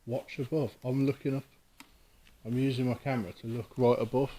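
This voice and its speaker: Man, ghost hunter, average pitch, slow loud call-outs. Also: little pitch movement. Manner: calls out commands loudly and slowly to a spirit. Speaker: paranormal investigator. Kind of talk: ghost-hunt calling out. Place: old castle at night.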